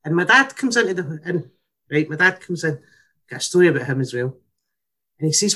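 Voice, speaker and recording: A woman's voice: low-pitched, fast, husky. Sweary Scottish woman telling a story. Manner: sweary, blunt, animated. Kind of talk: casual comic storytelling.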